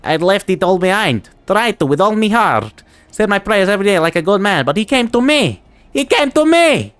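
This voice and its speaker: A man voicing a desperate accused arsonist who shouts and pleads his innocence. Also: on the high side, moderate pace, no room sound, pitched above the performer's own voice, natural voice.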